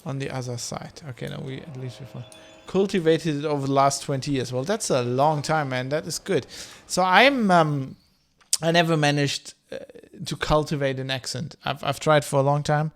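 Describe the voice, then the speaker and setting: A man in his thirties from Germany with a mixed, slightly German English accent, chatting loosely while streaming a game and reading chat aloud, with a slight rasp. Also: on the high side. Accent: German-tinged mixed English. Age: 30s. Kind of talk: casual game commentary.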